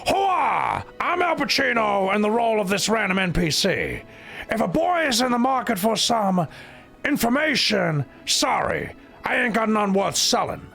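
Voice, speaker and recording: A man's voice: high voice, big pitch swings, normal speed, gravelly, pitched above the performer's own voice, full character voice. A man voicing a crude, brash male informant character, doing a famous actor impression, with music faintly behind. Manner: brash, crude, shouting bursts.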